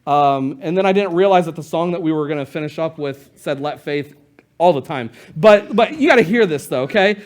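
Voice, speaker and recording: High-voiced casual man preaching. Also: animated, fairly quick. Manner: casual, conversational, retells stories with playful asides. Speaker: pastor. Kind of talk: sermon.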